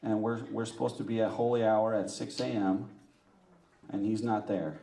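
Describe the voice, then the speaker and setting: A man giving a lively, joking talk to a women's church group, teasing himself and asking the audience questions. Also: on the low side, moderate pace, creaky, roomy sound, far from the mic. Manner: lively, joking, self-mocking, asks the audience. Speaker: parish speaker. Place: church meeting room.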